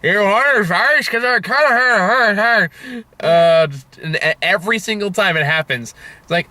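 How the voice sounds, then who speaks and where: A man's voice: high voice, normal speed, pushed and bright, no room sound. A young man hosting a casual movie review chat, laughing often and swearing casually, with plenty of fillers and restarts.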